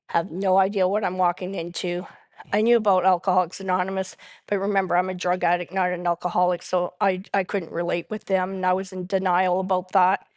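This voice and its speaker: A woman's voice: medium pitch, dry recording, clean studio sound. Woman telling her recovery story. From Canada. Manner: animated storyteller who acts out quoted dialogue. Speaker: main speaker at a recovery convention. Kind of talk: personal recovery testimony.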